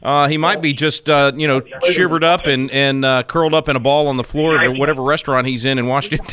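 A man's voice: medium pitch, steady tone, fast talker, hardly any pauses, crowd noise. A man co-hosting a talk radio show, upbeat and jokey, with frequent restarts. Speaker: radio co-host. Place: home radio studio.

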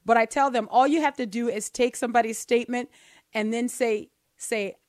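Animated woman host, light dry sound. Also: fairly high pitch, moderate pace, no echo. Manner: animated, laughing, mock voices for jokes. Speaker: podcast host. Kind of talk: casual commentary.

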